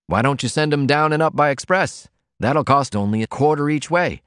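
A man voicing a worn-out, blustering male laundryman who talks in a rough, folksy drawl. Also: a little high, moderate pace, a bit bright, no echo, studio quality, voice pushed up, lightly acted. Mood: urging.

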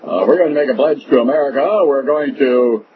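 A man's voice: mid-range voice, lightly acted. A man putting on the voice of a vain, boozy male politician who rambles and stumbles over his words, on a muffled radio recording. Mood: pompous, rambling. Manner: halting, rambling, full of uh. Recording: muffled radio broadcast with noise.

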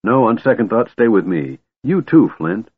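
A man's voice: lowish voice, sing-song, moderate pace, breathy edge, no room sound. A man voicing a harried, short-tempered half-elf leader who speaks in curt orders. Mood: frantic. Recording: tinny phone-like dry recording.

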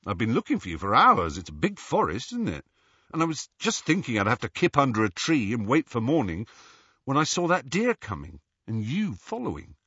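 A man voicing a blunt, awkward young man who talks loudly and haltingly. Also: mid-range voice, huge pitch swings, slightly rough, dry recording, muffled recording, full character voice.

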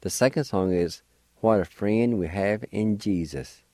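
Warm in tone and fairly low in pitch, a man teaches a radio language lesson at a measured pace, spelling each word letter by letter. He patiently encourages listeners to practice, and the recording is dry.

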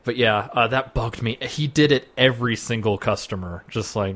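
A man's voice: mid-range voice, moderate pace, fairly bright tone. A young man co-hosting a podcast in casual chat who laughs often and jumps into silly voices. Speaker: podcast co-host.

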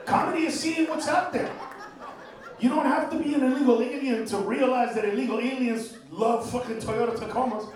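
A man from Honduras doing a brash, profane stand-up set, swinging between shouts and low mutters. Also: steady tone, brisk, recorded from a distance. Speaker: stand-up comedian. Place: comedy club stage. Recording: roomy live club recording with crowd noise.

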